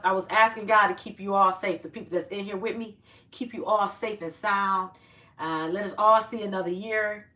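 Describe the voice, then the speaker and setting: A woman's voice: mid-range voice, fairly bright tone, recorded from a distance. Chatty woman on a phone livestream. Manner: chatty, greets viewers by name, uplifting. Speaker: livestream host. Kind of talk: casual live-stream chat.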